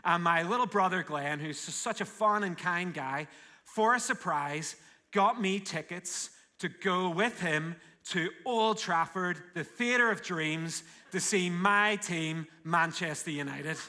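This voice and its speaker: Upbeat Northern Irish pastor preaching. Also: male voice, high-pitched, slow pace. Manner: warm, joking and energetic. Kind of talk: live sermon. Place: large church auditorium.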